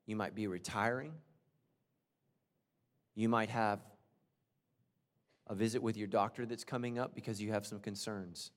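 A man preaching a sermon as pastor, moving between loud outbursts and quiet confession, with humorous asides. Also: lowish voice, fairly even intonation, unhurried, long pauses. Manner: humorous asides and acted-out quotes. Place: large church auditorium. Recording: long reverb of a large hall.

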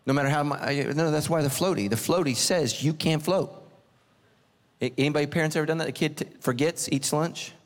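A middle-aged man preaching a sermon, telling stories with lively, animated delivery and acting out voices. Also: a little fast. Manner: animated storytelling, acts out voices, big pitch swings. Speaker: pastor. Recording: long reverb of a large hall.

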